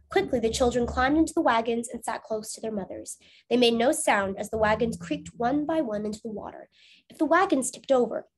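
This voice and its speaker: A woman teacher reading a storybook aloud to young students, then asking encouraging discussion questions. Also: fairly high pitch. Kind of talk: reading aloud to children, lesson.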